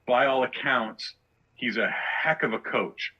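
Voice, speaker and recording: Guy comedian ranting on a podcast, sarcastic, bright edgy voice, dull lo-fi sound. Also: medium pitch, measured pace, husky. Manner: ranting, sarcastic, rhetorical questions. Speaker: guest comedian. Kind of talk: casual podcast chat.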